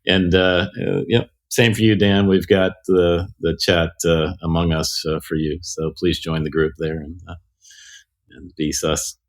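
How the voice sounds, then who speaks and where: Deep-voiced man, easygoing executive. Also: level tone. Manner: easygoing, frequent "uh" pauses. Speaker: company executive guest. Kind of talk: casual podcast chat.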